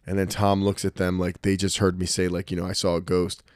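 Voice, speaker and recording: A man's voice: low voice, monotone, brisk, a little mellow, dry recording, studio quality. A man in his thirties, from New Jersey, chatting casually on a podcast, swearing often and acting out the people in his stories. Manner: profane, storytelling, acts out quoted voices. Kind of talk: casual chat.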